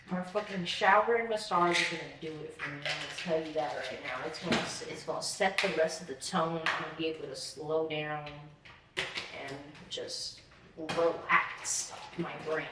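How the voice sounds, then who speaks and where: A young woman in her twenties rambling in a casual vlog at home, scattered and frantic, swearing and filling with "like". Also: on the low side. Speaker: vlogger. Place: apartment. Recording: echoey room with faint noise.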